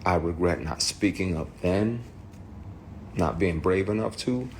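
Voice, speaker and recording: Deep-voiced man swearing through his story. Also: a little slow, slight background noise. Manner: profane, heated, shouts in retold quotes. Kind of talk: candid personal account to camera.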